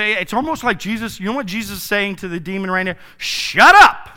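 A male pastor preaching a sermon to his church, emphatic and building to loud commands. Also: sits high. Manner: emphatic, rising to shouted commands. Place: church sanctuary.

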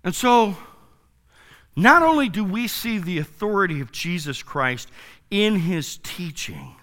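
A male pastor preaching a sermon to his church, emphatic and building to loud commands. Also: medium pitch. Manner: emphatic, rising to shouted commands. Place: church sanctuary.

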